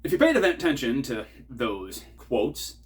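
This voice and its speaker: A man's voice: mid-range voice, very animated, a little slow. A middle-aged man hosting a scripted writing lesson, with dry, self-mocking asides. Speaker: writing teacher and channel host.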